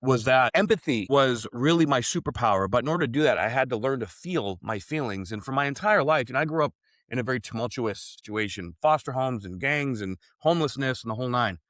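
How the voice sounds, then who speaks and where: A man's voice: medium pitch, animated, fast, fairly bright tone, dry recording. A man speaking as a podcast guest, telling his story in an earnest, reflective way, with frequent "like" and "right?" in his casual speech.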